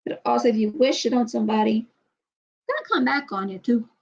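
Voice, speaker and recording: A woman vlogging in casual personal talk, halting, often repeating herself and trailing off. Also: on the high side, creaky, darkish tone, highs cut off.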